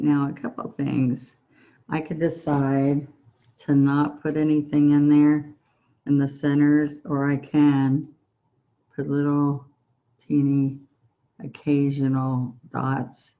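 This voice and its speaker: A woman with a Southern US accent, a painting instructor giving a relaxed painting tutorial, gently and encouragingly talking through each brushstroke. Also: low-pitched, takes it slowly, pauses often, lo-fi sound.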